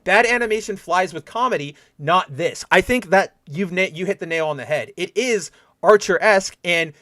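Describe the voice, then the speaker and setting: Male podcast host, high voice, dry close mic, animated, swears freely. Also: moderate pace, no room sound. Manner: animated and profane, acts out scenes in mock voices. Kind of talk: casual review commentary.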